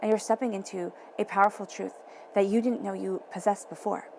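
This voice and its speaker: A woman giving a tarot reading, speaking in a soft, encouraging way and repeating phrases for emphasis. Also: mid-range voice, fairly even intonation, fairly quick, gravelly, slight background noise. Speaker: tarot reader.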